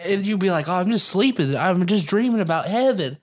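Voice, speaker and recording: A woman's voice: on the low side, lively intonation, a little fast. A woman co-hosting a podcast in casual chat, crude and joking, laughing a lot. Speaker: podcast co-host.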